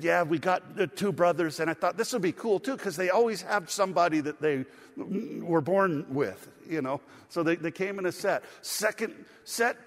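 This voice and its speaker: A middle-aged male pastor with a slightly raised voice delivers a sermon, chatting through personal stories with plenty of "uh"s and false starts. His words ring out with the long reverb of a large church hall. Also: fairly high pitch. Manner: conversational storytelling with frequent fillers and restarts.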